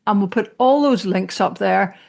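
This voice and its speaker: A woman's voice: mid-range voice, moderate pace, vocal fry, darkish tone. A Scottish woman hosting a podcast, chatting casually with laughs and restarts. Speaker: podcast host.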